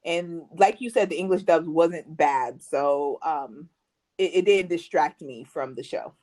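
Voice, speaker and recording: An American woman co-hosting a podcast in a relaxed, easygoing chat. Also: low-pitched, unhurried. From United States. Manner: relaxed and easygoing, often laughing. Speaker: podcast co-host. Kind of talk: casual chat.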